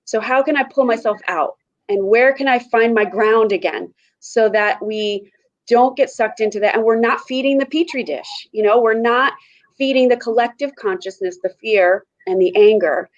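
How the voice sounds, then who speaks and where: Woman, mother, slightly high voice, earnest, thinking aloud, dull muffled recording. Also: normal speed. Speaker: panel guest. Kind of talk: casual reflective chat.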